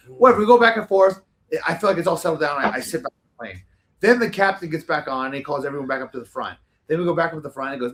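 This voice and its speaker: A man's voice: fairly high pitch, very fast, fairly bright tone. A man as a podcast guest telling a long, rambling story in casual chat, swearing freely.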